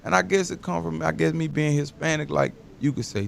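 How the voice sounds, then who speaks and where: A man talking casually as a guest, telling loose, animated stories full of slang. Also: fairly high pitch, a little fast, gravelly, hardly any pauses, a little hiss or hum. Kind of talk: casual interview talk.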